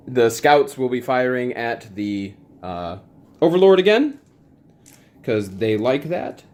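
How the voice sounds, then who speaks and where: A man playing a tabletop wargame, narrating his dice rolls in a casual, playfully exasperated way, with little sound effects as he rolls. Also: medium pitch. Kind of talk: casual play-by-play of a tabletop game.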